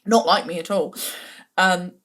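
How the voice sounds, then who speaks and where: A woman's voice: fairly low pitch, fairly even intonation, unhurried, fairly bright tone. A woman hosting a podcast, telling a story in a gossipy, chatty way and laughing often. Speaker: podcast host. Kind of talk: casual storytelling.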